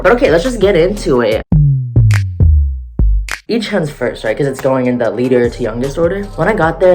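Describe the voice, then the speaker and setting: A young woman vlogger telling an excited storytime, slangy and laughing, acting out what people said. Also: low-pitched, a little fast, soft background music. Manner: animated, slangy, laughing a lot, acts out quotes.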